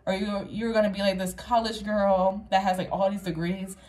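A woman talks straight to her viewers through a pick-a-card tarot reading in a loose, rambling way, leaning on "like" as she goes. Her voice sits at a middling pitch, and her tone stays earnest and reassuring. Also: flat delivery, normal speed, a little mellow. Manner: rambling, chatty, fills speech with "like"; earnest, affirming, addresses viewer directly. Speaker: tarot reader.

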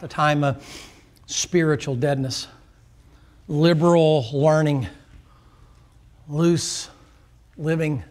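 A man, a pastor preaching a folksy, joking sermon that swings between loud and low. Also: steady tone, a little slow, long pauses.

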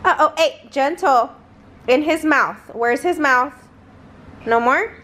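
A woman's voice: high voice, takes it slowly, sharp tone. A woman filming her children at home, talking to them in a sing-song baby voice and laughing often. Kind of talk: casual family vlog.

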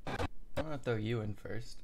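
A man's voice: mid-range voice, a little slow, background noise. A man muttering casual commentary while he edits a video at his computer, often swearing in frustration, recorded on a camera mic indoors. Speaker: video editor.

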